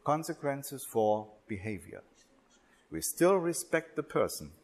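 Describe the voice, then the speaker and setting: A man speaking slowly and deliberately at a religious workshop, with pauses, restarts and non-native English phrasing. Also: mid-range voice, big pitch swings.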